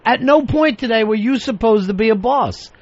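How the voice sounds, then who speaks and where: A man's voice: extremely high pitch, moderate pace. A man hosting a radio talk show, taking calls and scolding in a brash, profane, mock-stern way. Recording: dull dry 2000s radio broadcast.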